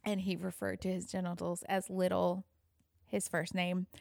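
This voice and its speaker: A woman's voice: fairly low pitch, monotone, normal speed, vocal fry, darkish tone, no echo, clean studio sound. A woman co-hosting a casual podcast, chatting and giggling through her stories. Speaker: podcast co-host. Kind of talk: casual chat.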